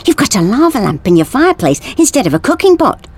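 Woman doing a blunt practical worker guy, husky, a bit fed up with his mate. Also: a little high, very animated, fast, darkish tone, voice pushed up. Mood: exasperated. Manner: chummy, exasperated.

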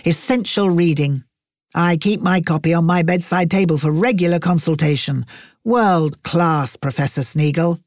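A woman voicing a cheerful, easily distracted eccentric gentleman professor who talks with breezy enthusiasm. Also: on the high side, normal speed, dry recording, studio quality, close to an everyday voice. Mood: enthusiastic.

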